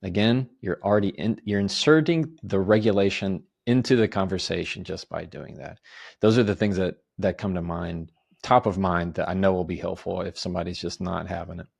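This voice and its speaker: A man, an attorney and author, calmly explaining communication advice on a podcast in a measured, step-by-step way. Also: low-pitched, vocal fry, slightly rough. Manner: calm, measured, lists steps and gives example phrases.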